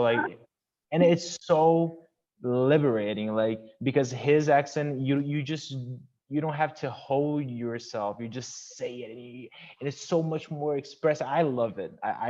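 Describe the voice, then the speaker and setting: A young man with a Brazilian Portuguese accent speaks English as a second language, eager and loose, full of fillers and quick restarts. His voice sits at an ordinary middle pitch for a man. The video call audio sounds muffled and lo-fi. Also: darkish tone. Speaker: international student guest. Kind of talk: casual interview chat.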